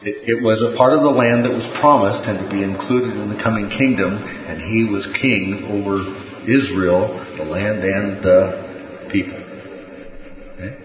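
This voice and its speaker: A man's voice: fairly low pitch, steady tone, unhurried, a crowd in the background. A man teaching a Bible study, in a conversational way, with rhetorical questions and frequent checks of "okay?". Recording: muffled, roomy recording.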